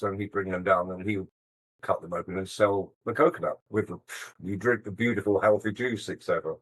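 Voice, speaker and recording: A man's voice: fairly low pitch, rough recording. An older man, a musician being interviewed, telling stories in a thoughtful, hesitant, self-deprecating way. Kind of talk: casual interview storytelling.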